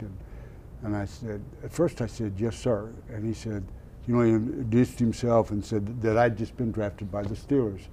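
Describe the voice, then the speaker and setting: A man's voice: mid-range voice, slight background noise. An older man from Oklahoma, a former football player, telling stories in an interview and laughing at himself. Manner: animated storyteller, laughs at himself. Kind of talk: storytelling interview.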